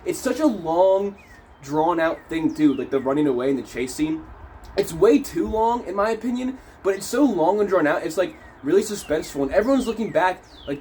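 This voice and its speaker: A young man recapping a movie in a casual vlog, animated and profane, acting out scenes as he talks outdoors in cold wet weather. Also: high voice, a little fast, a little hiss or hum. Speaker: movie reviewer.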